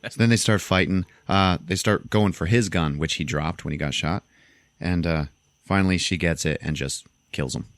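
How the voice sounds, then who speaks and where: A man hosting a podcast, casually retelling a movie plot with animated storytelling and frequent swearing. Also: low-pitched, dry recording. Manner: animated storytelling, acts out quotes, swears freely. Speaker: podcast host.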